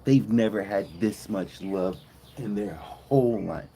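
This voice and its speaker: A man's voice: on the low side, expressive, unhurried, creaky, mellow, a little hiss or hum. A man hosting a live stream outdoors on a farm, chatting casually with viewers and telling crude, joking, rambling stories. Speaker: livestream host. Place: outdoors on a farm with cows nearby.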